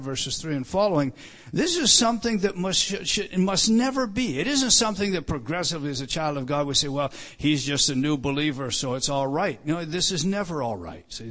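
A man preaching an earnest sermon, often repeating words and slowing down for emphasis. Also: a little high, fairly bright tone. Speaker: pastor.

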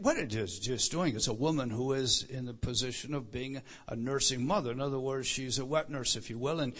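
A middle-aged pastor preaches a sermon emphatically, getting loud to stress scripture, then dropping low and quiet.

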